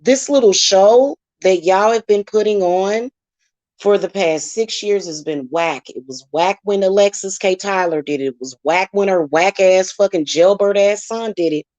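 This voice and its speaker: A woman's voice: medium pitch, normal speed, darkish tone, no echo. A woman hosting her own channel, delivering a heated, profane, confrontational rant at her critics. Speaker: spiritual reader and channel host. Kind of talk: angry vlog rant.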